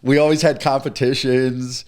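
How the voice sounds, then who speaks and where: A man's voice: medium pitch, moderate pace. A young man in his twenties chatting casually. His voice sits in a middle register, and he tells stories at an easy pace, slipping into the voices of the people he quotes. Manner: relaxed storytelling with quoted dialogue. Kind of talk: casual chat.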